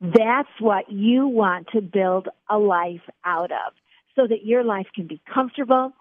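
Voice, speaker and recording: A woman's voice: medium pitch, a little slow, no room sound. A middle-aged woman guest on a faith radio interview, speaking earnestly and encouragingly to the host. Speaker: author and guest. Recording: tinny phone line.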